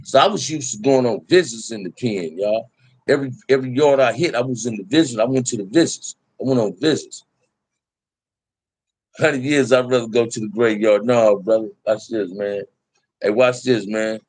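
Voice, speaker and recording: A man's voice: mid-range voice, normal speed, darkish tone, no echo. Man, middle-aged, street slang, candid storytelling, mid-range voice, dry close sound. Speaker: podcast guest telling prison stories. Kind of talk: casual storytelling to a live chat.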